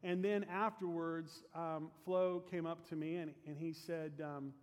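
A pastor with a fairly high, steady voice preaches a storytelling sermon at a measured pace, earnest and fervent, his phrase endings falling softly. He then leads a prayer, and the recording has a big-room sound.

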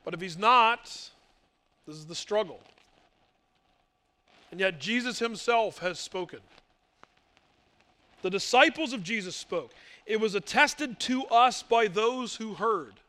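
Guy preaching a sermon, really high voice, punchy rhetorical questions. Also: animated, takes it slowly, pauses often, pushed and bright. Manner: emphatic, rhetorical questions, mock voices for doubters. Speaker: pastor.

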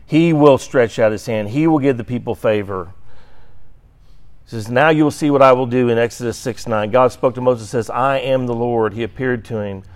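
A darkish, medium-pitched male voice moves at normal speed through a Bible class lecture for adults. He stresses the scripture he reads aloud, keeps asking "right?" to check in, and sometimes clears his throat.

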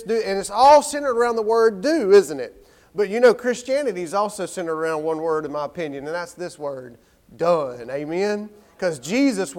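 A man preaching a sermon as pastor, often calling out "amen" and building up to emphatic passages. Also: sits high. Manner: preaching with frequent call-outs of "amen" and rising emphasis; prayerful and hushed while praying.

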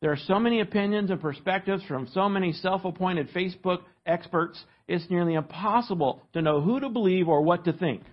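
A man preaching a sermon as pastor, teaching from an outline and asking his listeners to fill in the blanks, with emphatic, animated delivery. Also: sits high, fairly quick, few pauses, muffled recording.

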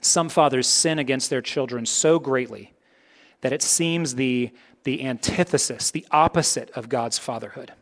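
A man preaching a sermon in a conversational way, swinging between emphatic, louder points and soft, low asides. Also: moderate pace. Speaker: pastor.

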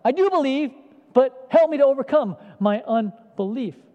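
A man's voice: very high voice, animated, moderate pace, voice pushed up. A man voicing a desperate father who cries out in anguished pleading. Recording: echoey hall, dull lo-fi sound.

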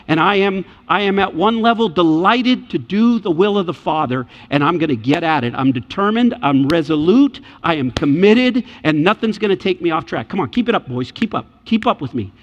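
A man preaching in a church, his voice high and swinging widely as he acts out scenes from scripture. The sound is a little muffled and rings with a long hall reverb. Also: animated, a little fast. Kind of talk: sermon.

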